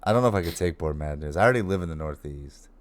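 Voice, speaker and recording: A man's voice: very deep voice, very fast. A man in his thirties co-hosting a casual online morning show, telling stories and laughing often. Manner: laughs often, relaxed storytelling. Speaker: co-host.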